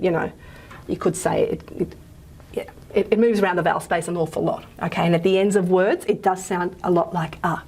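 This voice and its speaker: A woman giving a phonetics lecture, explaining patiently with many fillers and frequent "okay?" checks. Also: medium pitch. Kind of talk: recorded lecture.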